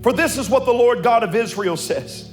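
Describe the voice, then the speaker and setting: A man pastor preaching a sermon, moving between quiet, personal storytelling and loud, sing-song calls to the congregation in a church sanctuary. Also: very high-pitched, animated, normal speed, soft background music.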